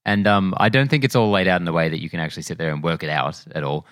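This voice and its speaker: A man co-hosting a casual movie review chat, talking quickly and hedging with fillers. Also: low-pitched, expressive, fairly bright tone, dry recording, clean studio sound. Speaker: podcast co-host.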